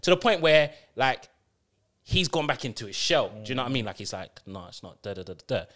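A man casually telling a story on a podcast, full of slang and acted-out quotes. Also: fast talker. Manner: animated, slangy, acts out quotes with big pitch jumps. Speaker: podcast co-host.

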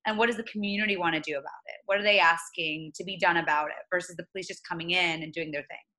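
A woman in her late twenties speaking as an interview guest, earnest and reflective, often pausing and restarting. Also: lowish voice, steady tone, sharp tone, low-quality recording. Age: 20s. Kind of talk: conversational interview.

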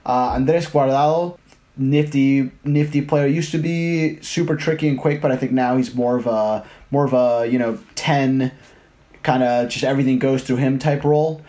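Mid-pitched male co-host, animated and chatty, casual football podcast. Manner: animated, quick to correct pronunciation. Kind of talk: casual sports chat.

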